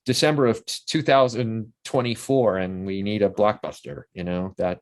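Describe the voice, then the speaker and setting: A man's voice: lowish voice, normal speed. Enthusiastic older man telling rambling anecdotes. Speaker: interview guest. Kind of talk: casual interview storytelling.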